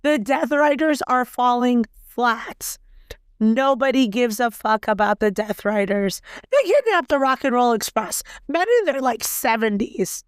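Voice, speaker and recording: Raspy, profane woman ranting on a podcast. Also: high voice, a little slow, dry recording, studio quality. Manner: blunt, profane, heated. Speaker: podcast host. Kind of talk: casual solo wrestling podcast rant.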